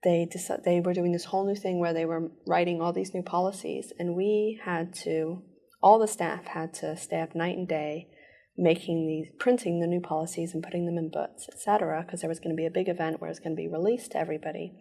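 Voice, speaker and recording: A woman giving an earnest personal account in an interview, telling it in rushed bursts. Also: on the low side, steady tone, creaky, dark tone. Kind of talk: personal testimony.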